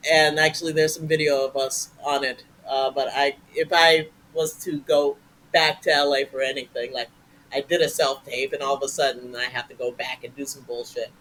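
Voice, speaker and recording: A man's voice: mid-range voice, moderate pace, slight background noise, rough recording. A man, an improv performer, chatting enthusiastically as an interview guest, full of jokes and praise for his colleagues. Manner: animated, enthusiastic, jokey. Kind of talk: casual interview chat.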